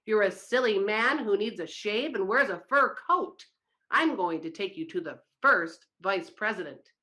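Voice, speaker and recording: A woman voicing a furious male vice president who shouts his accusation. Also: medium pitch, expressive, a little slow. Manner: loud, furious.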